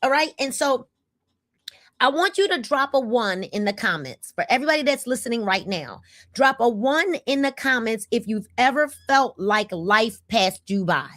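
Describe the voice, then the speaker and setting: A woman in her fifties hosting a casual livestream, energetic and repeating calls for viewers to comment. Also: on the high side, moderate pace, dry recording. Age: 50s. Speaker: livestream host.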